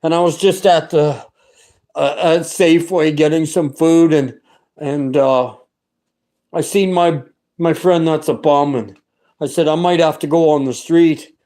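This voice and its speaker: A man's voice: on the high side, fairly even intonation, unhurried, dark tone. Fervent, earnest middle-aged man. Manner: earnest, rambling, fervent, with restarts. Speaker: vlogger giving a testimony. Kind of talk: personal religious testimony.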